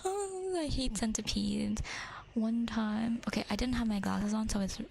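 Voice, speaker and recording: A woman's voice: a little high, a little slow, vocal fry, darkish tone, breathy edge, dry recording, poor audio. A woman hosting an ASMR livestream, chatting in a casual whisper, giggly and swearing freely.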